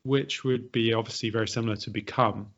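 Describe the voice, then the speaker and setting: A man's voice: fairly low pitch, fairly even intonation, a little fast, a bit bright. British man hosting a language chat. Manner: thoughtful, hedging, poses quiz questions. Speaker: podcast host. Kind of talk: casual explanatory chat. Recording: dull lo-fi audio.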